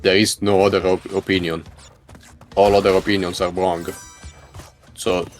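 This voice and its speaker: A man with a low, deep voice banters casually beside a speedrun, joking and holding firm opinions. Faint game music plays under his talk. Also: level tone, normal speed. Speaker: speedrun co-commentator. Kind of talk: casual chat over gameplay.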